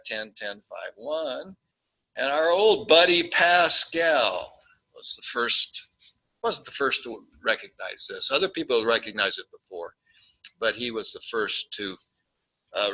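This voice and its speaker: A man's voice: fairly low pitch, rough recording. A man teaching a statistics class, joking and acting out little scenes as he works through problems. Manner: jokey, animated, acts out little scenes. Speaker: statistics lecturer. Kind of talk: classroom lecture.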